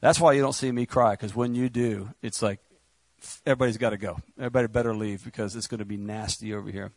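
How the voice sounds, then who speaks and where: A man's voice: lowish voice, fairly even intonation, fast, dry recording. A man preaching a sermon in a conversational way, with joking asides and stumbling restarts. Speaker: pastor.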